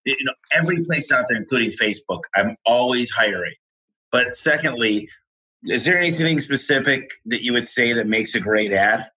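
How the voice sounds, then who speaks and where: A man's voice: mid-range voice, animated, normal speed, pushed and bright, breathy edge, dull audio. A man hosting a business interview, coaching in a direct, plain-spoken way. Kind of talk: interview chat.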